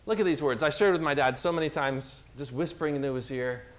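A man with a somewhat high voice preaches an earnest sermon. He talks personally and with feeling, and retells scripture in his own words. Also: fast. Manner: earnest, emotional, retelling scripture with acted quotes.

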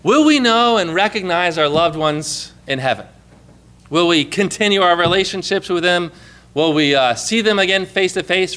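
A man's voice: on the high side, sharp tone. A man preaching to his congregation in a conversational sermon, asking rhetorical questions and reading scripture aloud. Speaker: pastor.

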